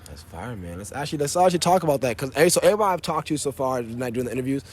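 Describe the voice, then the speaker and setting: A man from Western Massachusetts hosting a media interview, opening with energetic hype and quick, casual questions. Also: mid-range voice, husky. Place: at a live event venue after a show.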